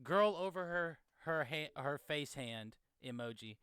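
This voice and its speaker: A man co-hosting a casual gaming podcast, animated and mocking, swearing freely. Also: on the high side, unhurried. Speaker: podcast co-host.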